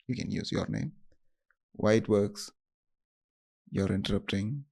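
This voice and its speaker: A man hosting a podcast, guiding listeners through a self-compassion practice in a slow, gentle, instructive way with pauses. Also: lowish voice, gravelly, husky. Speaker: podcast host.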